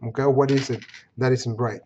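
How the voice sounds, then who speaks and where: A man's voice: mid-range voice, fairly even intonation, moderate pace, a little mellow, highs cut off, slight background noise. A man teaching an online course, walking students through its pages step by step, repeating points and checking in with "okay?". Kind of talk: screen-recorded course walkthrough.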